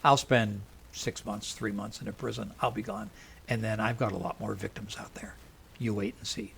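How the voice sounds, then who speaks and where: A man's voice: lowish voice, steady tone, moderate pace, creaky, a bit bright, slight background noise. A man voicing a smug, rich male serial killer who taunts the detective about getting off free. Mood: taunting. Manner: cocky, taunting.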